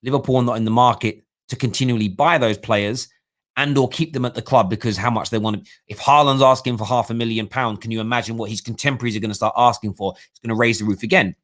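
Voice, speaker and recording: A man's voice: mid-range voice, steady tone, fast, fairly bright tone. A man hosting a live-streamed football fan talk show, giving opinionated analysis and thinking aloud with restarts.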